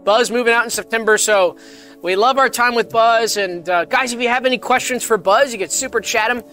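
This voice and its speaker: A man co-hosting a live-stream podcast in casual chat, rambling with halting restarts. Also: very high-pitched, soft background music. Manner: mock-scared shouting while reading chat. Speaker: podcast co-host.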